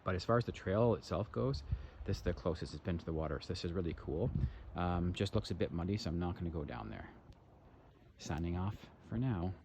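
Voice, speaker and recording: Deep-voiced man chatting on a lakeside hike. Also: expressive, a little fast, vocal fry. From Canada. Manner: rambling, chatty, narrates what he sees while walking. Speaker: hiking vlogger. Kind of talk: casual walking commentary. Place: outdoor lakeside trail. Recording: dull lo-fi outdoor recording with loud background noise.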